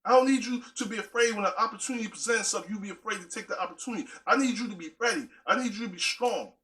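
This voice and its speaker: A man's voice: sits high, racing, sharp tone, pitched above the performer's own voice. A man voicing God as a firm, encouraging male coach, speaking in an insistent, coaching manner.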